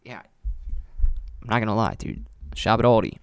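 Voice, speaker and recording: A man's voice: lowish voice, expressive, moderate pace, creaky, clear, resonant tone. A man hosting a casual live stream, calling out stock prices and chatting upbeat with viewers by name. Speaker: live-stream host reading viewer chat.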